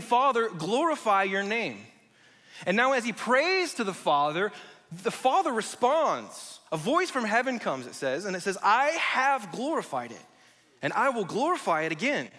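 A man in his thirties preaching a sermon, explaining scripture and telling stories with acted-out quotes. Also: high-pitched. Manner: animated storyteller, acts out quotes. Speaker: pastor. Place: church sanctuary. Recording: long hall reverb.

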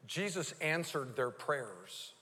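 Preaching live in a reverberant church sanctuary, a male pastor speaks slowly with a medium-pitched, sharp voice that swings widely in pitch. He is earnest and keeps stammering and restarting his words.

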